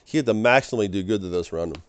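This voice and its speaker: A man's voice: lowish voice, rapid-fire, a little hiss or hum. Stammering young man rambling. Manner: stammering, repeats words, emotional. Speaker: vlogger. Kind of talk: rambling personal monologue. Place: small room, indoors.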